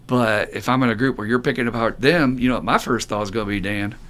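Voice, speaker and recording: Blunt, profane middle-aged man on a podcast. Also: fast talker. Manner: blunt, profane, animated storytelling; acts out quoted voices in a raised pitch. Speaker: podcast co-host. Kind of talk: casual podcast talk.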